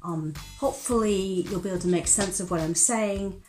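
A middle-aged woman from Chicago with a mixed American and British accent, giving earnest, gentle Christian teaching straight to camera. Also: medium pitch, normal speed, faint music behind. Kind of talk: direct-to-camera faith teaching.

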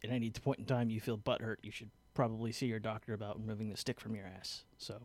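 A man hosting a podcast in casual chat, easygoing and halting, stopping to restart often. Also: lowish voice, level tone, darkish tone, dry recording. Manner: easygoing, halting, many fillers. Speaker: podcast host.

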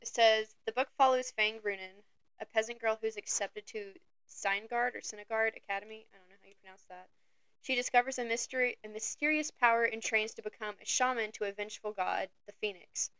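A young woman co-hosting a book podcast, soft-spoken and hesitant with many ums. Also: on the high side, a little fast, smooth, no room sound, poor audio. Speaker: podcast co-host. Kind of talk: casual chat about books.

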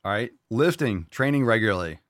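A man with a low voice gives a blunt, profane motivational rant as he answers listener questions. He stresses words hard and now and then mocks people in whiny put-on voices. The sound is dry and close to the mic. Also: expressive, fairly quick, a bit bright, no room sound.

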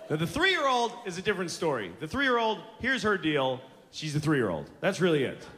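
A man's voice: on the high side, sing-song, normal speed, sharp tone, a faint crowd. A man in his forties doing a stand-up routine, telling stories in an exasperated, profane way. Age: 40s. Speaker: stand-up comedian. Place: theater stage before an audience. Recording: live show with room noise.

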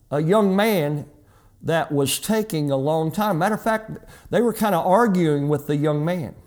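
A middle-aged pastor preaching a sermon and telling a personal story, acting out the dialogue in changing voices. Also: male voice, fairly high pitch, darkish tone.

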